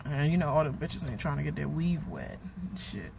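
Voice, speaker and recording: A man, giving a profane, animated recap of a reality show episode while still angry. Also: a little high, brisk, vocal fry, a little hiss or hum. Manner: animated, swearing, trails off into asides. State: angry and worked up. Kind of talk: casual profane recap rant.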